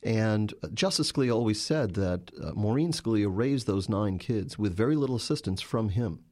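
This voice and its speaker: A man's voice: lowish voice, animated, normal speed, a little mellow. A man, a journalist and author, answering interview questions with emphatic, storytelling narration.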